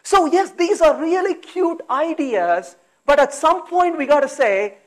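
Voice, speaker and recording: A man gives an animated technical conference talk. His voice sits high and swings widely in pitch. He throws out rhetorical questions and acts out exasperated asides. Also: a little slow, hardly any pauses. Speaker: conference speaker. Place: conference hall.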